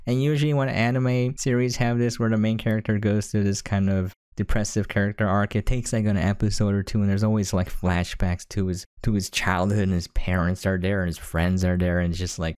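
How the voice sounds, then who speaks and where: A man's voice: fairly low pitch, level tone, fairly quick, hardly any pauses, darkish tone, clean tone, no room sound, clean studio sound. A man giving a casual, sarcastic and exasperated rant as an anime reviewer.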